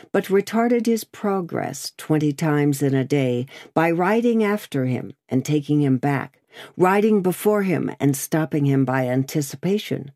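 A reader narrating a classic novel in a measured, even storytelling manner. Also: mid-range voice, no echo, clean studio sound. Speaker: audiobook reader.

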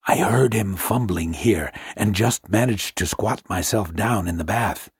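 A man's voice: fairly low pitch, measured pace, husky, no echo, clean studio sound. Man doing a whispering hidden fugitive. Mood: hushed. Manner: hushed whisper. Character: hidden young male fugitive, the narrator's double.

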